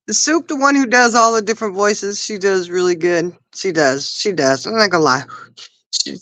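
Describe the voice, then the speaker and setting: A woman's voice: mid-range voice, moderate pace, a bit bright, dry recording, low-quality recording. A woman co-hosting a casual livestream chat, telling stories and laughing often. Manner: giggly storyteller, laughs often. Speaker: livestream co-host.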